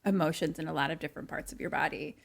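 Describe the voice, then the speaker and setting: A woman's voice: low-pitched, fairly even intonation, rapid-fire, gravelly. A young woman co-hosting a podcast, bantering casually and laughing often. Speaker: podcast co-host. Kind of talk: casual chat.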